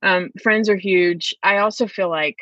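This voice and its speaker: A woman, a former student, talking in a casual interview, reflective and quick to laugh as she tells stories. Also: mid-range voice, a bit bright, no room sound. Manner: reflective, laughs often while telling stories. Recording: dull lo-fi sound.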